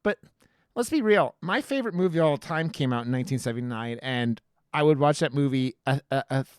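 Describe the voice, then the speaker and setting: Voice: medium pitch, lively intonation, a little fast, clean tone, dry recording, clean studio sound. A podcast co-host in a casual horror movie review chat, rambling with many restarts and casual swearing.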